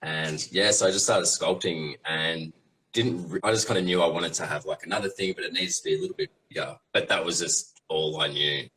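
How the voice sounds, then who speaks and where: A man with an extremely low, rumbling voice talks through his process as a guest on a live Q&A. He rambles loosely and hesitantly, piling up fillers as he goes. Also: a little fast, sharp tone, low-quality recording. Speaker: guest resin toy maker. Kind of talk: casual live Q&A chat.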